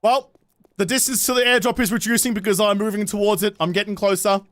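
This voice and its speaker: Streaming a game, this young Australian guy chats sarcastically with viewers, rambling and swearing freely at a fast clip. His fairly bright voice sits high for a man with fairly even intonation, captured close and dry without any echo.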